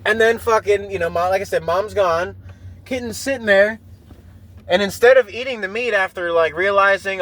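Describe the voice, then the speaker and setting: A podcast host drives while delivering a casual, rambling monologue, emotional and laced with profanity. His high voice is a bit bright and runs at normal speed.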